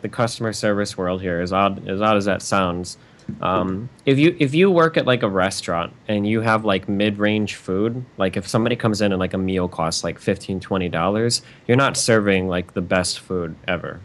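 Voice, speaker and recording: A man's voice: on the low side, fairly bright tone. A man who streams, a podcast guest explaining his view methodically in casual chat.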